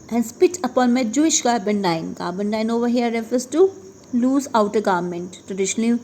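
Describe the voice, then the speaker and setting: A woman's voice: a little high, darkish tone, slight background noise. A woman teacher who reads lines from a play aloud to her class and then explains each one in plain words.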